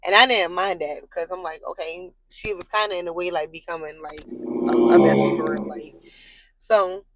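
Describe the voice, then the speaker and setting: A woman telling a long personal story straight to camera in a casual, rambling way, full of fillers and blunt swearing, getting animated when she's worked up. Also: normal speed, no room sound, low-quality recording. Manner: animated, jumps high in pitch when worked up.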